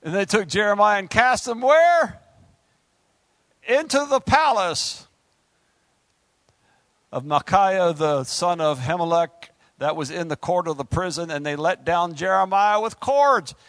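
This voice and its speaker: A man preaching a sermon in a conversational, joking way, acting out quick asides and rising into excited, high-pitched preaching. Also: dry recording.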